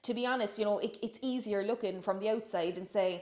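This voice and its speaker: A woman's voice: medium pitch, a little fast, a little mellow, echoey room. Chatty woman, reflective. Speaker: podcast co-host. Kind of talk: casual chat.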